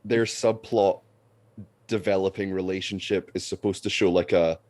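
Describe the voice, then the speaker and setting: A man co-hosting a podcast, reviewing a film in a dry, sarcastic, deadpan way. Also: low-pitched, moderate pace. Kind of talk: casual film review chat.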